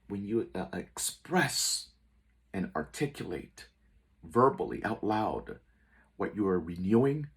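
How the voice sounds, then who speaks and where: A man speaking as a spiritual teacher, delivering an inspirational message in slow, measured, repeated affirmations. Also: sits low, fairly bright tone, breathy edge.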